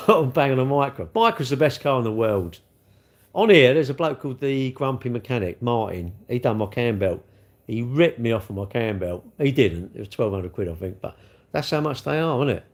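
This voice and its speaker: Casting note: middle-aged bloke, casual livestream host, rambling and chatty. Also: male voice, medium pitch, expressive, normal speed. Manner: rambling, chatty, reads out viewer comments.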